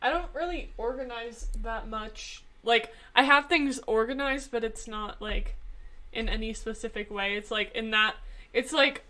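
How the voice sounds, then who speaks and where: A teenage girl chatting on a podcast in a slightly high voice. She hesitates a lot and pads nearly every sentence with fillers. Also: measured pace, pushed and bright. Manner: hesitant, filler-heavy with lots of "like". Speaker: podcast co-host. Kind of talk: casual chat.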